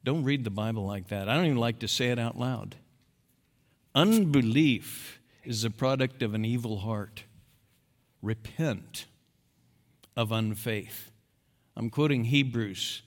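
A man preaching a sermon as pastor, emphatic, moving between quiet, low passages and loud, rising exhortation. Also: a little slow, long pauses. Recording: long hall reverb.

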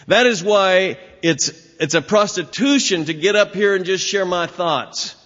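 A man preaching a sermon as pastor, with emphatic swings in pitch and volume. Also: a little slow, hardly any pauses, a bit bright. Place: church sanctuary. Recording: dull recording with long hall reverb.

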